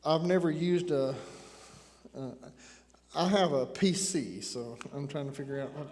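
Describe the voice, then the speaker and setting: A man's voice: fairly high pitch, a little slow, darkish tone. A man in his sixties with an Appalachian accent, preaching a folksy sermon full of jokes and rambling asides. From Tennessee mountains, Appalachia. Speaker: pastor. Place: church sanctuary. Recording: long reverb of a church hall.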